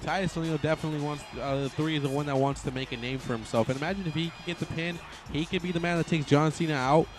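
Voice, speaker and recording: A man giving casual, excitable play-by-play commentary on a wrestling video game, rambling and often correcting himself. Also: on the high side, fast talker, hardly any pauses, music in the background.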